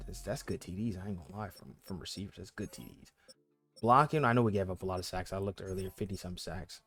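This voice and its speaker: Young guy hyped up playing a football game and talking slang, faint music behind. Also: lowish voice. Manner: excitable, talks to the game, slangy. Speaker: gaming channel host. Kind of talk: casual video game commentary.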